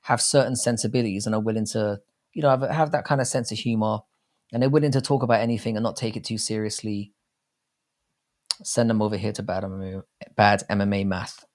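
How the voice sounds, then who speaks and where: Brisk and fairly low-pitched, this livestream host has a darkish tone and fairly even intonation. The young man reads out viewer comments in a casual live chat, enunciating too hard and cursing freely in crude back-and-forth.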